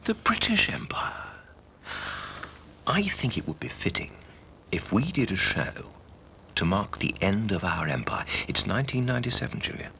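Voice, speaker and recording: A man's voice: fairly low pitch, very animated, moderate pace, creaky, sharp tone, a little hiss or hum, full character voice. An actor playing a pompous man who makes grand theatrical speeches to a friend. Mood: grandiose. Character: pompous middle-aged man with grand show ideas. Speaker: amateur show organiser. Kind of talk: TV soap acting.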